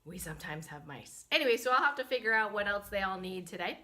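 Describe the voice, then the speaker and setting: A woman hosting a spiritual medicine vlog, telling a story in an animated, chatty way with many fillers, talking to a camera she holds herself. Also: mid-range voice, fast. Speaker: host and spiritual medicine practitioner. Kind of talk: casual storytelling.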